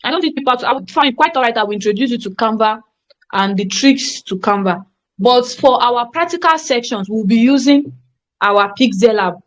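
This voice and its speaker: A woman's voice: a little high, expressive, a little fast. A woman teaching a live online graphic design class, emphatic and repetitive, often checking that students follow.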